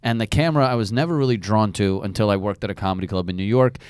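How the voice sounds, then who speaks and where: Fast-talking joking podcast host man. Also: lowish voice, a little mellow, clear, resonant tone, no echo, clean studio sound. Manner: quick, joking, self-deprecating. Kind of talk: casual podcast chat.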